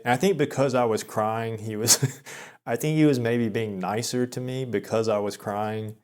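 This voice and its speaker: A man in his thirties telling a personal story in a rambling, self-deprecating way, with many halting restarts. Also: medium pitch, fairly even intonation, darkish tone. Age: 30s. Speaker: vlogger. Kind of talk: confessional storytelling monologue.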